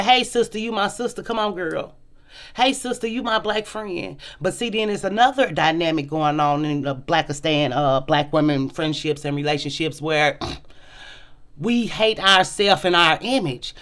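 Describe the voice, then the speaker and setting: A woman hosting a casual commentary vlog, talking bluntly and profanely, and acting out quoted people with big jumps in pitch. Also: a bit bright. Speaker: host.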